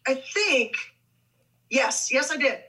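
A woman's voice: high-pitched, slow pace, rough recording. A middle-aged woman, a guest on an interview podcast, chatting casually and acting out quoted dialogue in her stories. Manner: animated, acts out quoted dialogue. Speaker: guest actress. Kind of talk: casual storytelling.

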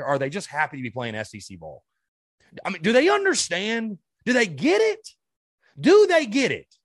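A male podcast host vents in a heated, furious rant, swearing and tripping over restarts as he jumps from sharp high outbursts down to low grumbles. His voice is very lively in pitch. The recording is close and dry, with no room sound. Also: dry recording. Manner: heated and ranting, swearing, with many stammered restarts. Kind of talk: sports fan rant.

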